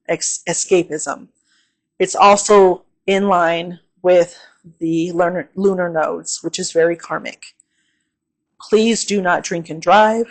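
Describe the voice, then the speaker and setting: Brief: woman, lower-pitched, casual astrology host, filler-heavy, keeps asking "okay?". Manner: chatty, many fillers and "okay?" check-ins; repeats gentle safety warnings. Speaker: astrology reader.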